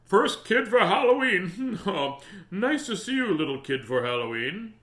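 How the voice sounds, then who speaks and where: A man's voice: high-pitched, very animated, measured pace, fairly bright tone, voice pushed up, heavily acted. A man reading aloud as a big, hearty man welcoming a child at his door. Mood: delighted. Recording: roomy echo.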